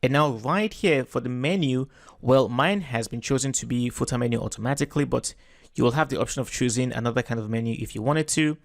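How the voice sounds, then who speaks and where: A man giving a relaxed, step-by-step screen-recorded web design tutorial, correcting himself as he goes. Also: mid-range voice, fairly quick, no echo, clean studio sound.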